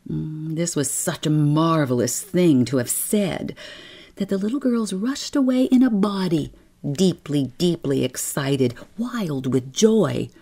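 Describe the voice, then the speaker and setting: A woman narrating a bedtime story in a soft, slow, often whispered manner, with a husky, creaky voice. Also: low voice, lively intonation.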